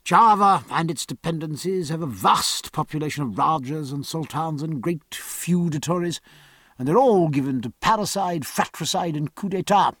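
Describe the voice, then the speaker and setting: A man voicing a genial, worldly colonial governor who speaks in a brisk, expansive, urbane way. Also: a little high, fairly bright tone, dry recording.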